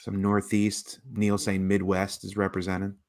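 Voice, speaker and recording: Deep-voiced easygoing podcast co-host man. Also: monotone, a little slow, darkish tone. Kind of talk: casual livestream podcast chat.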